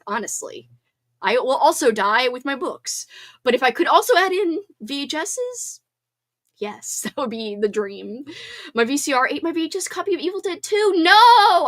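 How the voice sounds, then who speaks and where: A woman's voice: high voice, a bit bright. A woman hosting a live stream and chatting casually with viewers, bubbly and apologetic, laughing often and sounding congested. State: congested, sniffling. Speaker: livestream host.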